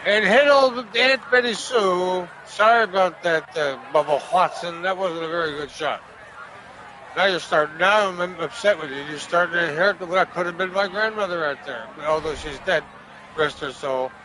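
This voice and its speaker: A gaming streamer with a higher-than-average voice casually commentates a golf video game at a moderate pace, joking and cursing back at the game's commentators. Golf game crowd ambience and other game noise sit behind him.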